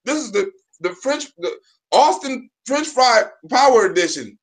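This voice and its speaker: A man co-hosting a live stream, bantering with loud, profane, reactive interjections. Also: very high-pitched, animated, a little slow.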